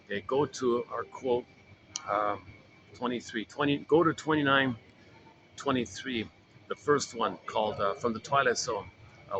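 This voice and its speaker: A man's voice: medium pitch, a little slow, long pauses, fairly bright tone, a little hiss or hum, rough recording. A man casually coaching a self-help group, rambling and repeating himself as he explains an exercise. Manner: rambling, repeats words and restarts phrases.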